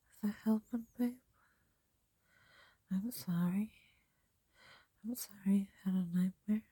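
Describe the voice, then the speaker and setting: A woman in a whispered role-play as a girlfriend, softly soothing and reassuring the listener. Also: mid-range voice, fairly even intonation, slow pace, slightly rough, no room sound.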